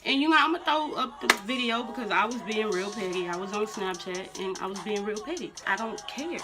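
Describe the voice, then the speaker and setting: A young adult woman vlogger telling a storytime in blunt, slangy, animated casual talk. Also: medium pitch, brisk. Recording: music playing under the voice. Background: music.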